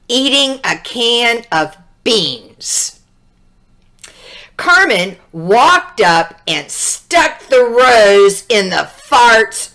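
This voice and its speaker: A woman reading a children's storybook aloud, expressive and drawn-out, with little asides to the listener. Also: a little high.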